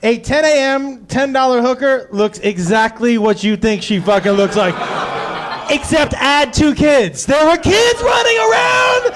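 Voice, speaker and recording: A man, a guest comedian on a live podcast, telling a comic story with a wry, drawn-out buildup to the punchlines. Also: extremely high pitch, expressive, noisy background. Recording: live audience laughter.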